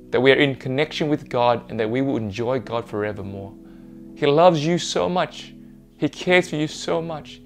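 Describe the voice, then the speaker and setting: A man's voice: mid-range voice, vocal fry. A man preaching an Easter sermon as pastor, earnest and reassuring, repeating his points for emphasis.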